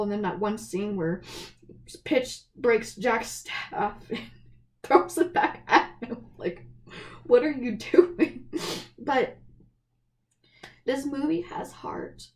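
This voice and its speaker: Young woman vlogger, kinda high voice, teary and shaky, pouring her heart out. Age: young adult. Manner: earnest, emotional and heartfelt, with frequent restarts. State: tearful, voice wavering from crying. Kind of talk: personal video essay, casual monologue.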